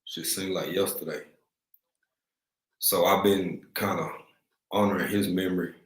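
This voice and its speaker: A man from East Texas speaks in a low, fairly even voice with a Texan accent, a little slow, on a rough recording with a roomy sound. He's hosting a casual livestream chat from a room at home in Africa, laid-back and slangy, greeting viewers by name.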